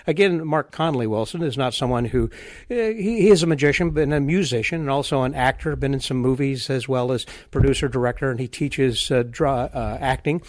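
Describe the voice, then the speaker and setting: A man's voice: mid-range voice, brisk, no echo, studio quality. A man from the Midwest with a Midwestern American accent, hosting a podcast interview in a loose, rambling way with many fillers. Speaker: podcast host. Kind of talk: casual interview chat.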